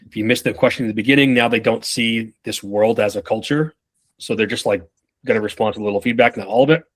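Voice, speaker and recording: A man leading a casual sales leadership training session over a video call, talking in an animated, profane way and acting out his examples. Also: fairly low pitch, fast, no room sound.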